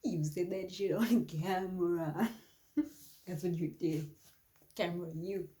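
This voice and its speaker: A woman improvising a loud, mocking male entertainer who teases in a sing-song voice. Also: lowish voice, slow. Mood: outraged. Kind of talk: improvised comedy.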